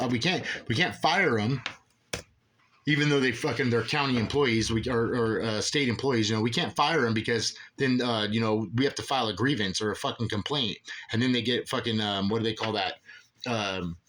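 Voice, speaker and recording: A man's voice: medium pitch, fairly bright tone. A man in an agitated, profane monologue, rambling with many restarts as an aggrieved father ranting about officials. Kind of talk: angry monologue.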